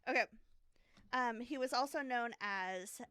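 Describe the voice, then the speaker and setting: A woman's voice: a little high, measured pace, fairly bright tone, clean tone. A woman co-hosting a podcast, casually telling a true crime story with lots of fillers and self-deprecating asides. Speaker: podcast co-host.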